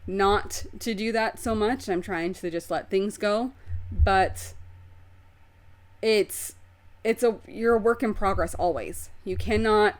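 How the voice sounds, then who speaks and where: Speaking slowly in a mid-range voice, this podcast host opens up about her life with candor and expression, dropping casual swears. It's recorded on a video podcast setup.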